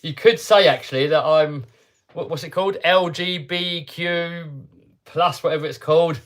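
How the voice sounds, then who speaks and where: A man's voice: a little high, normal speed, a bit bright. A man hosting a live stream, chatting casually and answering viewer comments in an upbeat, rambling way. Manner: chatty and upbeat, with frequent self-interruptions. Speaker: host of a hobby channel livestream.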